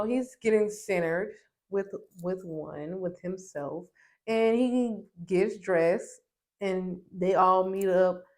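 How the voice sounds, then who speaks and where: A woman's voice: fairly low pitch, darkish tone. A young woman giving a casual, sassy recap of a reality TV episode, speaking with emphasis and addressing the cast directly. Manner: sassy, emphatic, talks to the screen. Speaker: reality TV reviewer.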